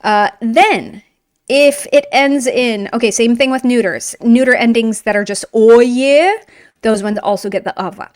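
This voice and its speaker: Woman teacher, upbeat and chatty, fairly high voice, drilling word endings at a board. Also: measured pace, no room sound, studio quality. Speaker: language teacher. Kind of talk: video language lesson.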